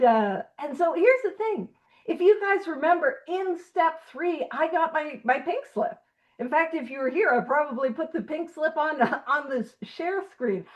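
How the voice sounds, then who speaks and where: A woman with a high voice leads a recovery study group over a video call. She talks in a loose, animated way and pokes fun at herself, often laughing as she goes. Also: dull audio. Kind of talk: casual teaching chat.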